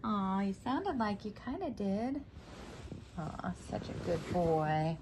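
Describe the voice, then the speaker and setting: Slow, sing-song woman coaxing her cat. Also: mid-range voice, lively intonation, darkish tone, a little hiss or hum. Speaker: pet owner filming her cat. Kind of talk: coaxing baby talk to a pet.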